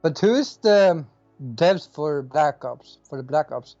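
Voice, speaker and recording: A man co-hosting a casual gaming chat, who talks haltingly, hunts for his words and asks a lot of questions. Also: a little high, expressive, a little mellow, dull audio, soft background music. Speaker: podcast co-host.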